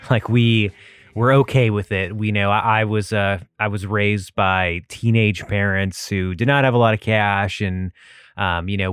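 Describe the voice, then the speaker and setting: Low-voiced man rambling casually as host. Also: clear, resonant tone, no echo. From Texas. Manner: rambling, self-mocking, laughs often. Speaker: podcast host. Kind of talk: casual monologue.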